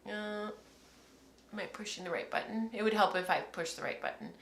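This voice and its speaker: A woman's voice: medium pitch, fairly quick, creaky, a bit bright, reverberant. A woman in her thirties hosting a casual livestream from home, chatty and rambling, laughing often as she talks to camera. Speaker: podcast host.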